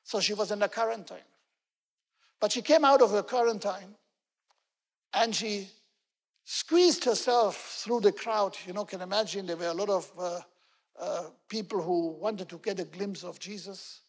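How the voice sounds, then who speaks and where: A man's voice: high-pitched, a little slow, big-room sound. A man preaching a sermon as pastor, telling the story earnestly and repeating key words for emphasis. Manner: earnest storytelling, fillers like "you know", emphatic repetition.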